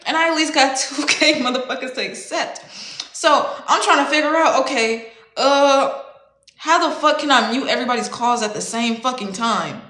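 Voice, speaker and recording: Laughing often, a young woman rambles through a casual livestream chat full of swearing and slang. Her high-pitched voice is bright and forceful, her pace moderate, and the room echoes.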